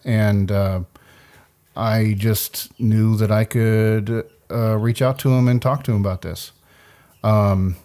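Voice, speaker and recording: A man co-hosting a podcast, talking reflectively in a halting way with many pauses and fillers. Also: on the low side, dark tone. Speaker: podcast co-host. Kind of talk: casual conversation.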